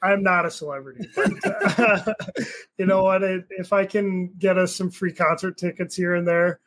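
A man's voice: sits high, steady tone, normal speed, fairly bright tone, low-quality recording. A young man chatting as a podcast guest, his voice sitting a touch above the usual male range. He talks loosely and rambles, with plenty of fillers and the odd swear word. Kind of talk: casual chat.

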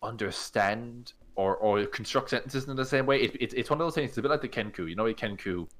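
A man's voice: medium pitch, quick pace, a bit bright. A man co-hosting a tabletop gaming podcast, chatting casually and rambling with many fillers. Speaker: podcast co-host. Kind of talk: casual chat.

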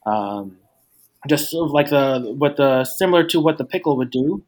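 A man talking through a casual food debate, rambling and restarting his sentences often. His voice sits at a middling pitch. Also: expressive, normal speed, darkish tone. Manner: rambling, many fillers and restarts. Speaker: debater defending hot dogs.

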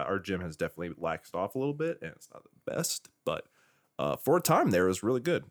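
A man co-hosting a podcast, telling stories in a rambling, casual way and swearing freely. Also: fairly low pitch. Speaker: podcast co-host.

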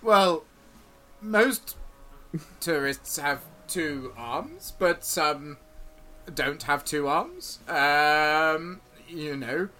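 A man's voice: a little high, sharp tone. A man voicing a fussy, officious city gate guard who talks formally and halts often. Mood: fussily polite. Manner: formal, halting, with many fillers.

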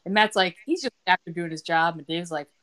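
A woman's voice: fairly low pitch, a little fast, fairly bright tone. A middle-aged woman hosting a podcast, chatting casually as she retells TV scenes and quotes characters' lines. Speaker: podcast host recapping a TV episode. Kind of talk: casual chat.

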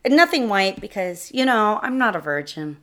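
Woman narrator playing an earnest, eager young bride, lifted higher and brighter. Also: very animated, normal speed. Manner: eager, earnest, a bit pleading.

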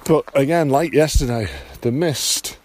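A man's voice: mid-range voice, unhurried, a little mellow, slight background noise. A British man casually narrating his walking pilgrimage, chatty and self-deprecating, often restarting his sentences. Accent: British English. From Britain. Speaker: podcast host walking the Camino.

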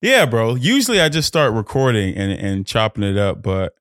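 A male podcast host with a lowish voice rambles through his intro in a loose, joking way, catching and correcting his own words as he goes. The sound is close and dry, recorded in a hotel room. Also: huge pitch swings, normal speed, fairly bright tone, no echo. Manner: playful, rambling and self-correcting.

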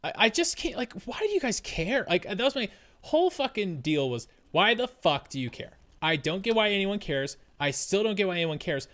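Animated man ranting with a lively, swinging pitch. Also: moderate pace. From United States. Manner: animated, swears freely, exasperated ranting. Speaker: podcast co-host. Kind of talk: casual chat.

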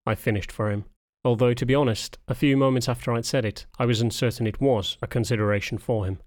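A man narrating a first-person audiobook in a measured, wry storytelling manner. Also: mid-range voice, steady tone, darkish tone, dry recording, clean studio sound.

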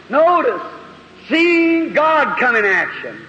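A man's voice: high-pitched, animated, normal speed, a little hiss or hum. A man preaching a sermon, telling folksy stories and exclaiming fervently. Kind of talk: sermon with testimony. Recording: lo-fi echoey hall recording.

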